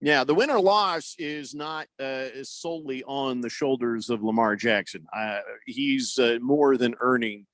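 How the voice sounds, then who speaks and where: A man's voice: medium pitch, measured pace, hardly any pauses, a bit bright, no room sound. A man hosting a sports talk radio show, rambling and joking with many fillers on a studio microphone.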